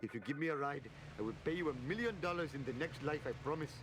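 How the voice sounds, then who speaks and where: An actor playing a cheerful, harried middle-aged shopkeeper with an Indian accent, delivering theatrical video game voice lines. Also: male voice, fairly high pitch, fast talker, lightly acted, poor audio. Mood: pleading. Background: loud game music.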